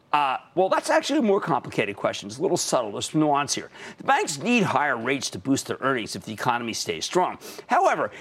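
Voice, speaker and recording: A man's voice: medium pitch, a bit bright. A man in his sixties hosting a market commentary show, talking emphatically and punching key words.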